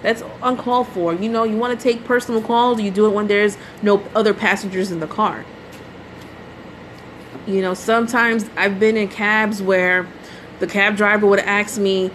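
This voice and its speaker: A woman's voice: medium pitch, steady tone, normal speed, a bit bright, a little hiss or hum, rough recording. A woman hosting a solo podcast, telling a story in an exasperated, ranting way with lots of "you know" and "like" and some mild swearing. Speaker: podcast host. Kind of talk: casual solo podcast monologue.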